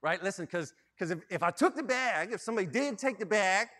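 Animated high-voiced man preaching. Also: brisk. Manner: animated, self-mocking, tags lines with "right?". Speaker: student ministry director. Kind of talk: storytelling sermon.

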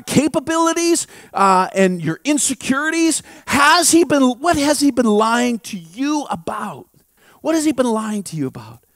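A man preaching a sermon as a pastor, repeating phrases and building to impassioned shouts. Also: high-pitched, no echo, clean studio sound.

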